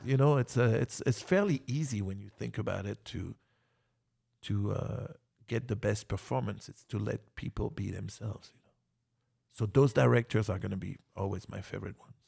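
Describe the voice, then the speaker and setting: A man's voice: fairly low pitch, creaky. A man in his forties from France with a French accent, telling casual stories as an interview guest, cursing freely and acting out what others said. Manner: swears a lot, animated retelling with quoted voices. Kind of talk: casual storytelling.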